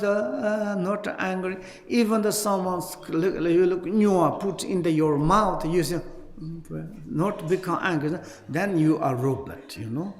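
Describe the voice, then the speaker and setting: A Buddhist teacher speaks at a retreat with a high, light voice and a slow, deliberate pace. His English is halting and full of restarts, and he leans on repeated words for emphasis. A long reverb from the hall trails each phrase. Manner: halting non-native English, many fillers and restarts.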